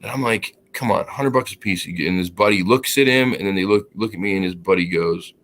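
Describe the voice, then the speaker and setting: A man chatting casually on a podcast, telling an anecdote and acting out the dialogue with lively quoted voices. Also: deep voice, a little fast. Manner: animated, acts out quoted dialogue; laughs while telling the story. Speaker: podcast co-host. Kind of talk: casual storytelling chat.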